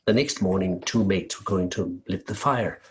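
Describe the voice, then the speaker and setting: Expressive male storyteller from Denmark. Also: low voice, normal speed. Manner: lively, expressive. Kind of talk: oral folk-tale storytelling.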